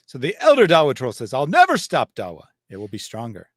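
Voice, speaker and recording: A man's voice: medium pitch, huge pitch swings, a little fast, no room sound, clean studio sound. A man hosting a live stream, reading super chats with wry, sardonic asides. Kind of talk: casual live chat.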